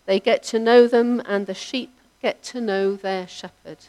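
A woman preaching a sermon, in a measured, reflective delivery whose line ends trail off softly. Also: mid-range voice, fairly even intonation.

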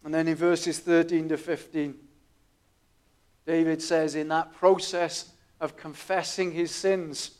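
A man preaching a sermon, telling stories in a quiet, earnest way with small restarts. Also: fairly high pitch, flat delivery, takes it slowly, clean tone.

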